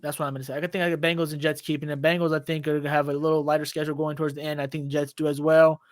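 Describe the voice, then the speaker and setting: Higher voice guy, talks fast, chatty sports podcast questions. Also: flat delivery, no room sound. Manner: quick, chatty, asks the others questions. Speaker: podcast co-host. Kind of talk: casual sports chat.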